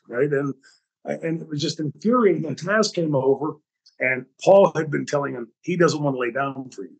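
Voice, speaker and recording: A man hosting his own podcast, telling backstage stories in an animated, profane way and acting out the dialogue. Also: on the high side, normal speed, vocal fry, husky, low-quality recording. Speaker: podcast host. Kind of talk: storytelling podcast talk.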